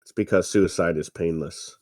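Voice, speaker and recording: A man co-hosting a comedy podcast, making rambling deadpan jokes about an old movie. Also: low-pitched, moderate pace, dry recording, studio quality. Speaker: podcast co-host. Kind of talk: casual movie riffing commentary.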